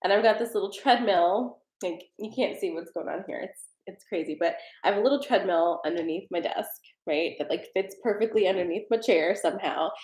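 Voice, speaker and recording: A woman's voice: medium pitch, a little fast, a little mellow, roomy sound. A woman hosting a live-stream tarot card reading, chatty and rambling with fillers, a little out of breath. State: slightly out of breath. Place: home desk with a treadmill.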